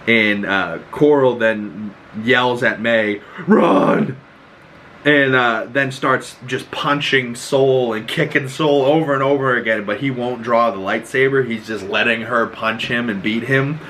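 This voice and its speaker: A man hosting a podcast, recapping a show in excitable casual chat, swearing freely and acting out the scenes. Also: mid-range voice, slight background noise, low-quality recording. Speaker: podcast host.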